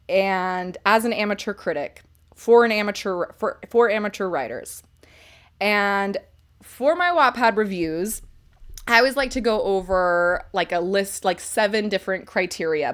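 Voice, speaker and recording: A woman hosting a casual livestream where she reviews books, talking in a chatty, rambling way and laughing often. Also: mid-range voice. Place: home computer setup.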